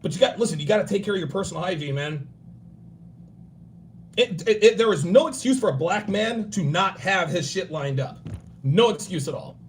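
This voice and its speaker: A man in his forties hosting a livestream, giving blunt, profane dating and grooming advice and acting out other people in quick bursts. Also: sits high, lively intonation, a little hiss or hum. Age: 40s. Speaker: livestream host.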